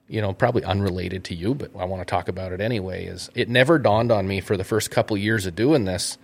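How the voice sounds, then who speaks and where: A man's voice: sits low, fast talker, gravelly. A man hosting an interview podcast in casual chat, rambling and thinking aloud with restarts and chuckles. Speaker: podcast host.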